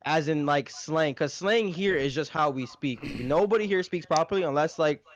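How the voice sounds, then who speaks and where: A man's voice: a little high, moderate pace, highs cut off. New York guy, casual, says like a lot. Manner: laid-back, says "like" a lot. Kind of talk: casual chat.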